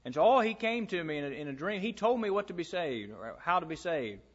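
In a lo-fi recording, a man delivers a sermon at a fairly quick pace, his slightly high voice sing-song with a breathy edge. He reads passages of scripture to the congregation and tells stories from his own ministry.

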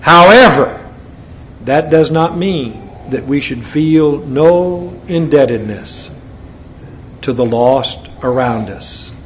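An American man delivers a sermon in a slightly high voice, breaking from scripture into homey, folksy asides. The recording is dull and lo-fi, with a faint hiss of noise behind him. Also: expressive, takes it slowly, fairly bright tone. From United States. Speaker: preacher.

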